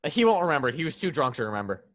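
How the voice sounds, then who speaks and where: A man's voice: fairly high pitch, very animated, very fast, a bit bright, muffled recording. A man co-hosting a casual podcast, giving rambling, profane predictions. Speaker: podcast co-host. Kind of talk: casual chat.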